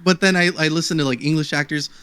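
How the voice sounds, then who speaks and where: A man's voice: a little high, steady tone, quick pace, a bit bright, clear, resonant tone. A man joining a casual podcast chat, speaking in an enthusiastic way and laughing and swearing often.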